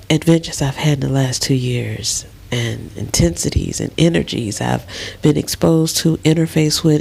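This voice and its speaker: A middle-aged woman lying in bed in a dark bedroom, talking slowly and emotionally in a soft, often half-whispered voice. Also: sits low, creaky, slightly rough. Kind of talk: casual personal vlog.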